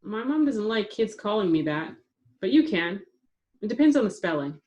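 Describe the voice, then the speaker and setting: A woman voicing a frail, pale schoolgirl in a wheelchair with a small, squeaky voice that she keeps calm and matter-of-fact. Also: moderate pace, close to an everyday voice.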